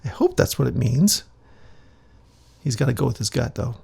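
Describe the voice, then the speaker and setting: A man reading his own comic aloud, narrating and adding relaxed, musing asides. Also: mid-range voice, normal speed, vocal fry, breathy edge. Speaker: comic author and reader.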